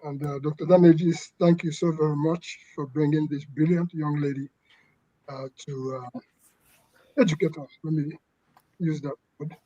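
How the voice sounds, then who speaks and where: A man from the audience asking a question, speaking haltingly with many fillers. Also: a little high, steady tone, warm tone, dry recording. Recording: dull lo-fi dry audio.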